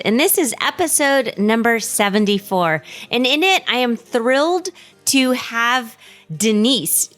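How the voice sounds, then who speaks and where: A woman's voice: a little high, fairly bright tone. A woman from the United States hosting a podcast over a video call, chatting casually and joking at her own expense. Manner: chatty, self-deprecating, laughs often. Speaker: podcast host. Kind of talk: casual interview chat.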